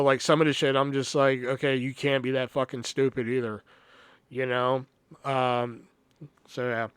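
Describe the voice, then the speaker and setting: A man's voice: medium pitch, a bit bright, clear, resonant tone, dry recording. A man in his thirties telling a casual, profane, rambling story as a podcast host, full of filler words, on a close mic.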